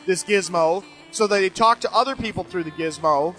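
Faint music plays behind a middle-aged male show host, heard on a low-quality recording, as he answers emails from listeners at a normal speed. His delivery is rambling and casual, full of sarcastic jokes and abrupt leaps in pitch.

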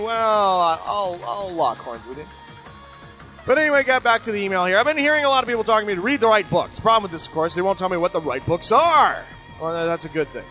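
A middle-aged man hosting a show, rambling casually and sarcastically as he answers listener emails. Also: low-quality recording. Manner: joking, sarcastic, animated with sudden pitch jumps.

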